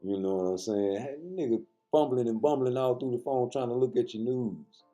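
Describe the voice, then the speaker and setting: A man's voice: mid-range voice, normal speed, mellow, lo-fi sound, faint music behind. A man giving casual, profane boxing commentary, joking loosely and talking straight to his viewers.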